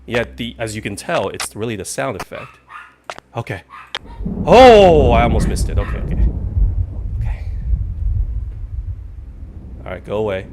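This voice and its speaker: A man's voice: lowish voice, animated, measured pace, long pauses, crowd noise. A man streaming a game live, chatting in a rambling way with sudden jumpy outbursts when startled. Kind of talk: casual live gaming commentary.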